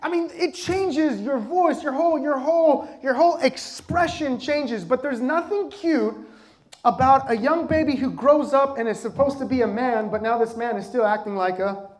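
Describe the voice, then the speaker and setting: High-voiced man preaching with playful energy. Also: moderate pace. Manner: lively conversational preaching with constant audience questions; laughs easily and jokes with the congregation. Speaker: pastor. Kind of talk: sermon.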